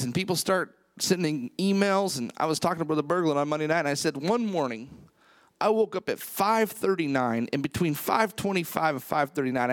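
A man preaching a sermon full of personal stories, animated and rising in pitch as he tells them. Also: dry recording. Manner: animated storytelling, rising pitch when excited.

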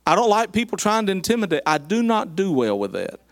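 A man preaching, a folksy, animated storyteller who speaks to his congregation in southern address. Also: high-pitched, a little fast, no room sound. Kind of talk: storytelling sermon.

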